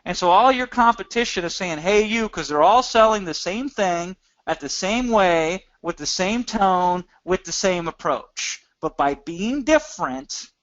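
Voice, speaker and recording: A man's voice: sits high, expressive, measured pace, few pauses, a bit bright, no echo, muffled recording. A man teaching a recorded training session, talking emphatically and asking many rhetorical questions. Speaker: course instructor.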